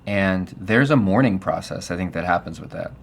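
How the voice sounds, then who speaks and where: Deep-voiced affirming male podcast host. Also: expressive, moderate pace, slight background noise. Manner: affirming, frequent "yeah", reflective. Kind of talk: casual interview.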